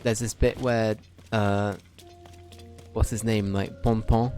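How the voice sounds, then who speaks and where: A man's voice: on the low side, level tone, slow pace, darkish tone, faint music behind. A man streaming a video game, chatting casually in a rambling way and swearing now and then. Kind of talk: casual livestream commentary.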